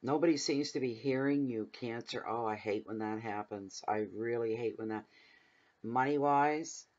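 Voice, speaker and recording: A man's voice: on the low side, fairly even intonation, normal speed, darkish tone, lo-fi sound. A man giving a casual tarot reading at home, talking in a rambling, chatty way that drifts into personal stories. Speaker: tarot reader. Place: home room at night, windows open.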